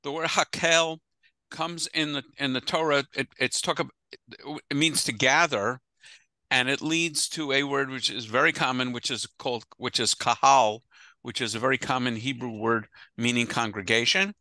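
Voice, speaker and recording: A man leads an adult study class as its rabbi, talking over a video call. His voice is very bright and sits close and dry, with no room around it. He speaks casually and digresses often. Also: medium pitch, fairly even intonation, moderate pace, no echo. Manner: chatty, digressive, laughs easily. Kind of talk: casual adult-education lecture.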